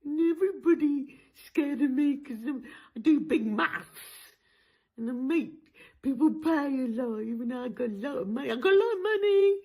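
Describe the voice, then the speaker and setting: A woman voicing a boastful, needy overgrown baby of a man in charge, with a husky, childish babble. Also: high-pitched, lively intonation, moderate pace, warm tone, poor audio. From England. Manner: childish babbling, begging and bragging.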